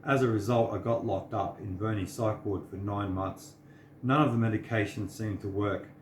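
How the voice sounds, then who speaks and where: A man's voice: lowish voice, steady tone, normal speed, reverberant, slight background noise. An earnest, sincere man, giving a preachy personal monologue to the camera. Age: 30s. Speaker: vlogger.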